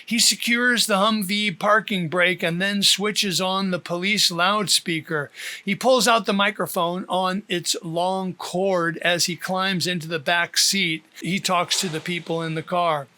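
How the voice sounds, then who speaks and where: A man reading his own novel aloud as an audiobook, in a steady, plain storytelling manner. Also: high-pitched, measured pace. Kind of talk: audiobook narration.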